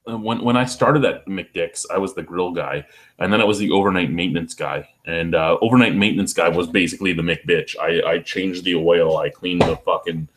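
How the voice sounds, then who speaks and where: A man, rambling through profane stories in a casual vlog, with lots of restarts. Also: sits low. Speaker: beer review vlogger. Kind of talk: casual storytelling.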